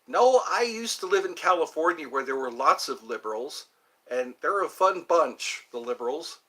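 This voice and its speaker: A man hosting a casual livestream, rambling and answering viewer comments with halting fillers. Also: on the high side, lively intonation, a bit bright. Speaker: livestream host. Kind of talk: casual live chat with viewers.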